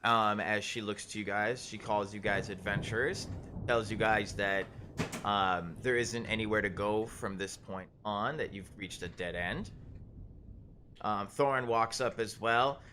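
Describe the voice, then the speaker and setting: A man's voice: fairly low pitch, fairly even intonation, measured pace, background noise. A man narrating as game master of a tabletop game, casual, with many fillers and restarts.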